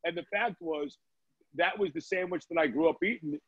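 A man's voice: fairly high pitch, moderate pace, highs cut off. A man, a guest chef from Brooklyn, chatting casually on a video call from his restaurant, telling stories with many "uh"s and "right?"s. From Brooklyn, New York.

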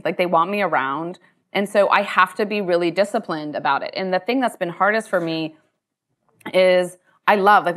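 Fast, chatty businesswoman leader on stage. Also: mid-range voice, fairly bright tone. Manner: talkative, quick, full of "like" and "um" fillers. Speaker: company CEO and co-founder. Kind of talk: onstage conversation, answering questions. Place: university lecture hall.

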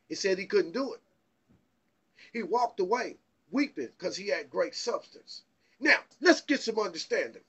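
An excitable man preaching informally from the Bible, stammering over repeated words and pressing rhetorical questions. His voice sits high and gravelly with a husky edge. The recording is muffled and lo-fi. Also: a little slow, long pauses. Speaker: Bible teacher.

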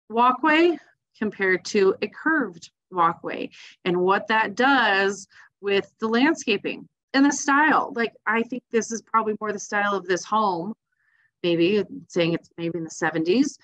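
A woman's voice: mid-range voice, fairly bright tone. A woman giving a casual, enthusiastic slideshow talk as a landscape design presenter, chatty with lots of fillers. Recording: dull lo-fi sound.

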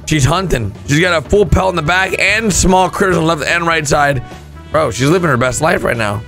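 A young man commentating on gameplay clips with excited outbursts and shouts. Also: a little high, fairly quick, soft background music. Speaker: gaming commentator.

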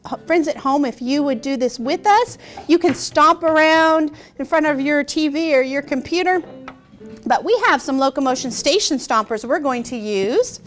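A young woman with a high voice hosts a children's show. She teaches young kids patiently and encouragingly, asking them questions as she goes.

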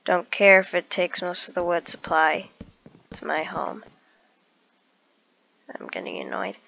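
Her voice is fairly low, creaky and sharp, with fairly even intonation and a measured pace. She narrates her own survival-game session step by step in casual let's-play style, talking to herself, on a dull lo-fi recording with slight background noise.

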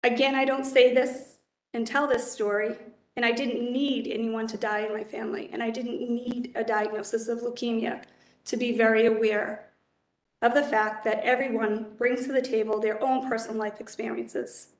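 A woman in her forties giving measured, earnest testimony as a judicial nominee at a public hearing. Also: on the high side, level tone. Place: council hearing chamber. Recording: echoey hearing room.

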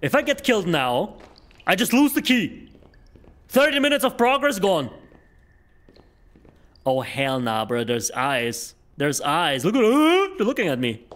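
A male game streamer who is not a native English speaker. His voice sits high and swings wildly as he exclaims his way through a game. His commentary comes out excitable and loud. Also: unhurried, pauses often.

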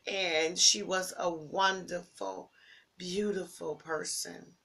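Grieving woman, gravelly slow heartfelt voice. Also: on the low side, fairly even intonation. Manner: heartfelt, slow, repeats phrases, swings between loud emphasis and breathy whispers. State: grieving, near tears. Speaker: vlogger sharing a personal tribute. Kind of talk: emotional personal monologue.

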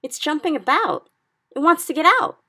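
A woman puts on a full character voice, pitched higher than her natural one, to play an earnest, worried young girl in a story. Her high voice swings widely in pitch at a normal pace, sounding pushed and bright, and the mood is alarmed.

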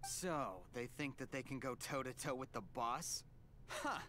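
A man's voice: medium pitch, lively intonation, unhurried, crowd noise, natural voice. An actor playing a scornful male mercenary in a video game, sneering at outsiders.

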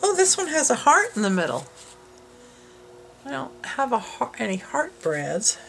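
A woman's voice: high-pitched, wildly swooping pitch, unhurried, creaky, a bit bright, faint music behind, poor audio. A woman hosting a casual craft unboxing vlog at home, gushing and exclaiming over each item. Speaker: craft channel host. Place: her home.

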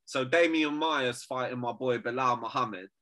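Bright-voiced, animated man. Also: moderate pace. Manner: animated, teasing, swears freely, bursts into high laughs. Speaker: podcast co-host. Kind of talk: casual banter.

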